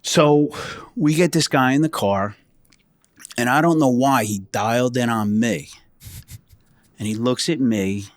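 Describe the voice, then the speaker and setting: A man's voice: medium pitch, measured pace, long pauses, no room sound, clean studio sound. A man, a former state trooper, telling stories on a podcast in a blunt, profane way, acting out what people said. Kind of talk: casual podcast storytelling.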